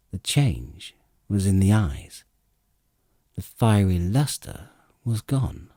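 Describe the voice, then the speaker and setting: A man narrating a fantasy audiobook with expressive storytelling. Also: deep voice, extremely slow, long pauses, no echo, clean studio sound.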